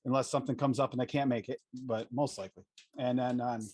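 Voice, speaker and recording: Male livestream co-host, hesitant, rambling, middle pitch, dry sound. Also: fairly even intonation, quick pace, darkish tone, dry recording. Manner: rambling, hesitant with many fillers. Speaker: livestream co-host and advocacy streamer. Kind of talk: casual livestream chat.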